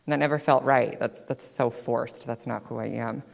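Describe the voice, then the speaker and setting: A woman's voice: extremely low pitch, normal speed, vocal fry. Chatty young woman in a reverberant hall. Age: 20s. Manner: chatty, animated, often adds "right?". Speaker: guest speaker. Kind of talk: personal storytelling talk. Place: stage in a hall.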